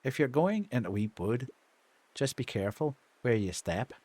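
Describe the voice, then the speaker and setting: A man's voice: mid-range voice, very animated, normal speed, darkish tone, no room sound, voice pushed down. A man putting on a Northern Irish accent to voice a friendly, easygoing male bug hunter in a game.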